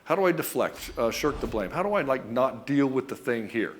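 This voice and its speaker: A middle-aged male relationship coach talks straight to husbands in a blunt, profane style. His voice sits at an ordinary pitch. He keeps slipping into quick mock exchanges between husband and wife. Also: lively intonation, a little hiss or hum. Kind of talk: direct-to-camera coaching talk.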